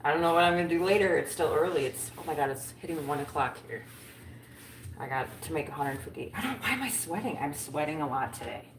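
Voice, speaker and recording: A woman's voice: deep voice, fairly even intonation, fast, slight background noise, poor audio. A woman hosting a casual livestream from home, chatting with viewers in a playful, self-mocking way. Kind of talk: casual chat.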